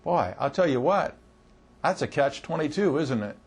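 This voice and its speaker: A man's voice: a little high, expressive, normal speed, husky. A middle-aged man coaching auto service writers in a conversational training talk, acting out what customers and staff say. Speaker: marketing coach.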